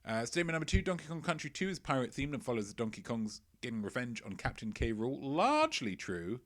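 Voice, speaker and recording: A man's voice: medium pitch, big pitch swings, fast, a bit bright. A male quiz host reading out answers on a casual live stream. He is playful and chatty, with a mid-range voice, and likes to repeat his own lines for effect. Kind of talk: casual livestream quiz hosting.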